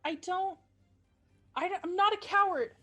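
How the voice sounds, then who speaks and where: A woman's voice: extremely high pitch, normal speed, sharp tone, pitched above the performer's own voice. A woman voicing a small, eager young male mouse who is brave and stubborn, with an urgent, pleading way of talking.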